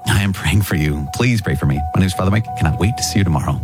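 A man's voice: low-pitched, racing, music in the background. A man, a priest hosting a podcast, teaching the catechism in an earnest way and repeating phrases for emphasis.

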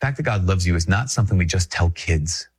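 A Catholic priest from Minnesota giving a conversational, emphatic reflection, repeating phrases and chuckling often. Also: male voice, low voice, a little fast, husky. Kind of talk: spoken reflection to an audience.

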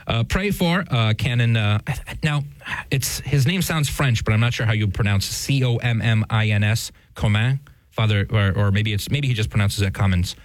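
A man's voice: lowish voice, normal speed, dry recording, poor audio. A man co-hosting a casual commentary podcast, chuckling often and speaking with many fillers and restarts. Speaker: podcast co-host. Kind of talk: casual news commentary chat.

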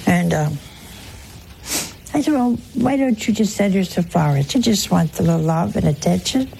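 A woman's voice: lowish voice, animated, gravelly, warm tone, slight background noise, rough recording. A woman preaching a sermon, telling everyday stories and acting out the dialogue. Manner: slow, storytelling, with quoted dialogue and laughter. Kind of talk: sermon with anecdotes.

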